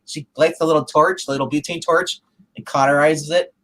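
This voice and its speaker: A man's voice: fairly high pitch, fairly even intonation, fairly quick, a bit bright, low-quality recording. Rambling man retelling a comic. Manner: rambling retelling with restarts and fillers. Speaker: comic review co-host. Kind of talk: casual chat.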